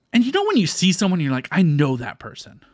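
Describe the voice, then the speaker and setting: A man's voice: on the high side, wildly swooping pitch, moderate pace, no echo, studio quality. A man from Texas co-hosting a podcast, telling a story in casual chat, swearing freely and acting out quoted voices. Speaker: podcast co-host.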